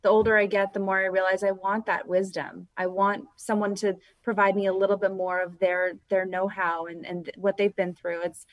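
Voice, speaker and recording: A woman's voice: medium pitch, level tone, normal speed, few pauses, no room sound, lo-fi sound. A woman co-hosting a casual chat, speaking in a reflective, candid way.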